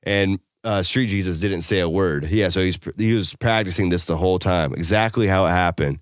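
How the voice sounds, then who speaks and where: A podcast co-host talking in a relaxed, rambling way, cursing freely and leaning on fillers as he tells a story. His voice sits a bit low and comes through smooth and clear. The recording is dry and close, with no room sound. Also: fairly quick, no room sound. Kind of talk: casual chat.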